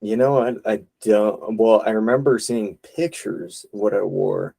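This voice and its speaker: A man's voice: fairly low pitch, measured pace, vocal fry, warm tone, husky. A young man chatting casually with his mother, rambling through memories and laughing easily. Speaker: son. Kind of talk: casual family chat.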